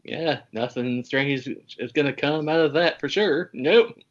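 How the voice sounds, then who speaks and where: A man's voice: on the high side, unhurried. Podcast guy cracking sarcastic jokes, chill, a bit muffled. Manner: joking, sarcastic quips. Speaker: podcast co-host. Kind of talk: casual chat.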